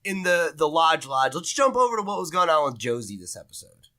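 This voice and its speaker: A man co-hosting a podcast in a casual review chat, animated, laughing often and swearing casually. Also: a little high, a little fast. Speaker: podcast co-host.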